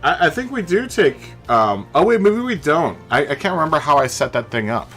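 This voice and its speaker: A man chatting with his live-stream viewers in a loose, rambling way, his pitch swinging widely. He laughs at his own jokes and talks through a studio mic, with faint music playing behind him. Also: big pitch swings, fairly quick, creaky, fairly bright tone. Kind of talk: casual chat with live chat viewers. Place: home streaming setup. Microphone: studio mic through a mixer.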